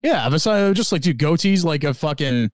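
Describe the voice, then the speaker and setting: A man's voice: fairly high pitch, animated, moderate pace, no echo, studio quality. A man co-hosting a comedy podcast in casual chat, easygoing and rambling, with casual swearing. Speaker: podcast co-host.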